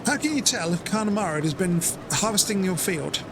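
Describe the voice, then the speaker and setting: British male streamer, higher voice, casual and self-mocking, vehicle noise in the background. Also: animated, a little fast. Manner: chatty, self-mocking, acts out friends in high voices. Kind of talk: casual gameplay chat. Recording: game sounds and vehicle noise behind.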